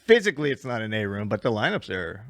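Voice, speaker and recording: A man's voice: on the low side, sing-song, fast, fairly bright tone, no room sound, clean studio sound. A man, a stand-up comedian co-hosting a podcast, telling rambling road stories in casual chat, swearing freely and laughing at his own tales.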